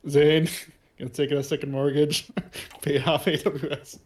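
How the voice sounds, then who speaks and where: Man, podcast co-host, easygoing, laughs a lot, slightly higher voice. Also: wildly swooping pitch, slow, darkish tone. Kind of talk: casual chat.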